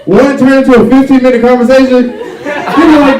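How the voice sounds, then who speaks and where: A man's voice: very high-pitched, steady tone, fast talker, a crowd in the background. A young man from Chicago performing a stand-up comedy set at a college show, chatty and loose, tagging his lines with "like" and "right?". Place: college auditorium with a live audience. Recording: roomy hall, mic heard from a distance.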